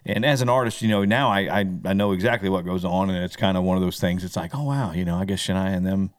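An easygoing male musician co-hosts a casual podcast chat, drifting from point to point in a rambling way. His voice sits a little low. The sound is dry and close, with no room around it. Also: fast, no echo.

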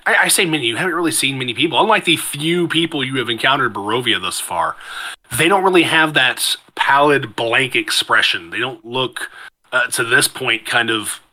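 A man with a very bright, forceful voice narrates a tabletop fantasy game as its game master. His narration is wordy and theatrical, and he pauses often on "uh" while he picks his words. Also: mid-range voice.

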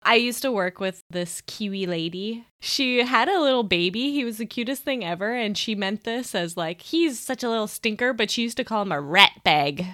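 A woman's voice: a little high, normal speed, hardly any pauses, fairly bright tone, no echo, clean studio sound. A woman co-hosting a podcast in casual chat, self-deprecating and giggly. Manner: self-deprecating, giggly, tries silly accents. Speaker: podcast co-host.

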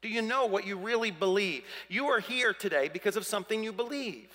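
A man's voice: sits high, animated, a little fast, bright, forceful tone. A man preaching a sermon as pastor, emphatic and dramatic, acting out the voices of the people in his story. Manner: emphatic, acts out voices of biblical figures. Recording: preaching in a reverberant hall.

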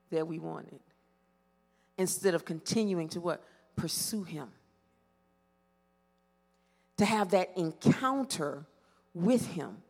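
A woman preaching a sermon, pausing dramatically and asking the congregation to fill in her questions. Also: mid-range voice, gravelly, fairly bright tone, big-room sound. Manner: call-and-response questions with dramatic pauses. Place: church sanctuary.

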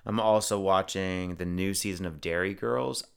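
A man's voice: deep voice, steady tone, moderate pace, gravelly, clear, resonant tone. A man co-hosting a podcast, chatting casually and enthusiastically recommending TV shows. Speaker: podcast co-host. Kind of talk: casual chat.

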